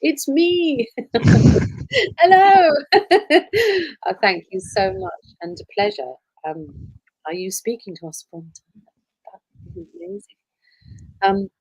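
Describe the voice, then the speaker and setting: Middle-aged woman, lower register, dry close mic, warm gushing livestream chatter. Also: no room sound, poor audio. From Wales. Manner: warm, gushing, with many ums and soft trailing asides. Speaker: voice actress signing prints for fans. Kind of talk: casual livestream chat.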